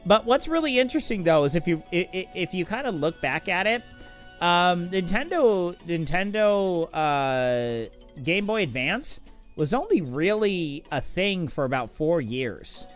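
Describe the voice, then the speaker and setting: A man's voice: high-pitched, sing-song, unhurried, fairly bright tone, faint music behind. A man hosting a game stream, chatting casually and getting distracted by his game, with lots of fillers. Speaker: streamer host. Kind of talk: casual chat while gaming.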